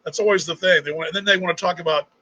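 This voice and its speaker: A man's voice: high-pitched, fairly even intonation, rapid-fire, bright, forceful tone, lo-fi sound. A middle-aged man from Texas with a Texan accent, hosting a casual live chat in a rambling, chatty way. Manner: rambling, chatty, restarts often. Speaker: host.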